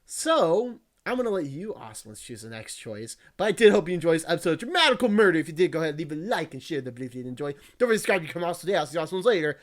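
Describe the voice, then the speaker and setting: Animated VTuber reading a visual novel. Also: mid-range voice, rapid-fire, hardly any pauses. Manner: animated, joking asides, laughs often; teasing, crude humor. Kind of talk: reading a visual novel aloud with joking commentary.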